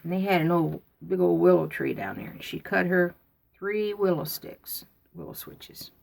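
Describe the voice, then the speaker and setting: A woman telling a folksy childhood story in a casual, drawn-out way to her viewers. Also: lowish voice, vocal fry. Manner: folksy, drawn-out, animated when quoting.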